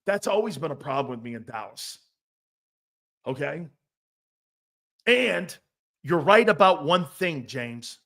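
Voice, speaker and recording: A man's voice: on the high side, big pitch swings, takes it slowly, gravelly, pauses often, sharp tone. A middle-aged man hosting a casual sports talk show, brash and profane, laughing often as he riffs and reads viewer comments.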